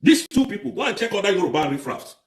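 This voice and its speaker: A man's voice: high-pitched, big pitch swings, fast talker, gravelly, echoey room. A man with a Nigerian accent giving an impassioned political livestream, fiery and repetitive, firing off rhetorical questions. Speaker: livestream commentator.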